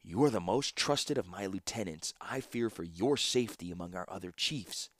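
A man voicing a cold, calculating warlord in an audiobook, speaking slowly and without expression. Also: low voice, animated, fairly bright tone, no echo. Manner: expressionless, measured and slow. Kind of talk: audiobook character voice.

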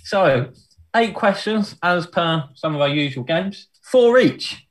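A young man co-hosting a podcast, running a quiz game with giggly, playful banter and sudden rushed asides. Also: expressive. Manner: giggly and playful, with big pitch leaps and quick rushed asides.

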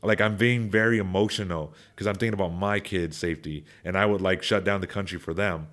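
A young man chatting casually on a podcast, rambling with many restarts and repeated words, now and then turning animated. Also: sits low, a little fast. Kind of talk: casual opinion chat.

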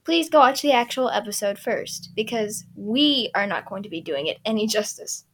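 A woman's voice: medium pitch, expressive, moderate pace, a bit bright. A young woman casually recapping a cartoon episode, giggling often and briefly mimicking the characters.

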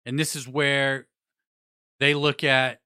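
A man's voice: mid-range voice, level tone, slow pace, pushed and bright, clear, resonant tone, no echo, studio quality. A man giving a blunt, profane, rambling music review in casual chat. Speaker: music news vlogger.

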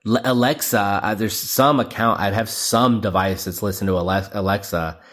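A man's voice: fairly low pitch, normal speed, fairly bright tone. A man hosting a casual solo podcast, rambling and joking, laughing often and calling listeners "man" and "baby.". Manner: playful, says "man" and "baby" a lot. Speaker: podcast host.

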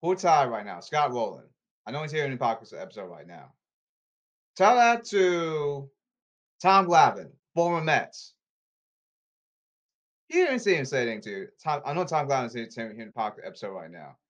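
A man hosting a solo podcast, ranting with exasperation and repeating himself, his pitch leaping and his loudness swinging. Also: a little fast, muffled recording. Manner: animated, erratic pitch leaps and volume swings. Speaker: podcast host.

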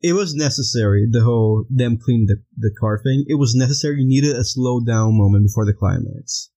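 A man's voice: medium pitch, brisk, dark tone, poor audio. A young man co-hosting a casual podcast chat about a film, rambling with many fillers. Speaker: podcast co-host.

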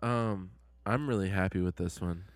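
A man's voice: low voice, brisk, no room sound. A man co-hosting a comedy podcast, throwing in goofy, playful remarks. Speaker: podcast co-host. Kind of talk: casual comedic chat.

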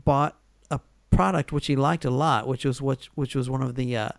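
A man's voice: mid-range voice, fairly even intonation, moderate pace, gravelly, no room sound, studio quality. A man telling rambling stories in casual chat, full of fillers and restarts.

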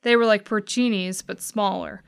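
A woman reading a children's mystery story aloud to a class, slow and careful, stammering out the scared characters' lines. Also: mid-range voice, fairly even intonation, creaky, smooth. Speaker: guest reader.

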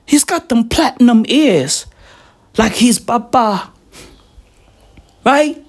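A man ranting casually and profanely, rambling and excitable, with sudden shouts. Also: very high-pitched, slow pace.

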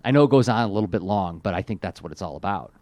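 A man's voice: deep voice, animated, very fast, warm tone, no room sound. Enthusiastic rambling man, dry close mic. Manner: enthusiastic, rambling, many fillers. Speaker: podcast co-host. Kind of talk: casual chat reviewing a cartoon.

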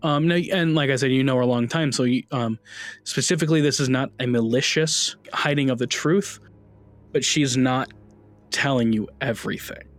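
A man narrating a tabletop horror game as its game master, with faint music playing behind him. His delivery is relaxed and unhurried, filled with ums and uhs as he sets each scene. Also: mid-range voice.

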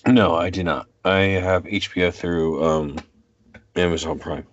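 Guy in his 40s with a really low voice, rambly laid-back chat, dry muffled audio. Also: steady tone, no echo. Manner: rambling, halting, many fillers and restarts. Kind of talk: casual chat.

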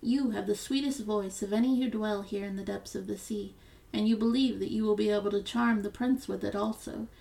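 A woman's voice: mid-range voice, fairly even intonation, a little fast, vocal fry, dark tone, distant mic, close to an everyday voice, rough recording. A woman voicing a scheming old sea witch in a storybook reading, blunt and warning.

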